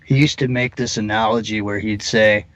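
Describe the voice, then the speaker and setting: A man's voice: lowish voice, fairly even intonation, normal speed, fairly bright tone, no echo. A man speaking as a guest on a talk show, rambling through his points with lots of fillers and restarts. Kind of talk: casual conversation.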